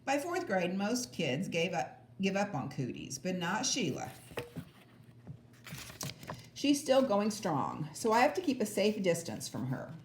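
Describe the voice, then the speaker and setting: Woman reading a kids book aloud, lively up and down, echoey room with faint hiss. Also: mid-range voice, measured pace. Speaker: audiobook reader. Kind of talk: storybook read-aloud.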